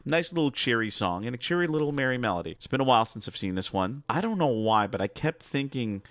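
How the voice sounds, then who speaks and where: A man's voice: medium pitch, big pitch swings, fast talker, fairly bright tone, no echo. A man giving a casual, upbeat music trivia segment as a guest, chatty and prone to digressions.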